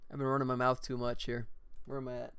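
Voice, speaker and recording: A man's voice: medium pitch, completely flat delivery, quick pace, fairly bright tone, smooth, dry recording. A man streaming his game development, chatting casually, laughing often and thinking aloud as he works. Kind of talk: casual livestream chat while building levels.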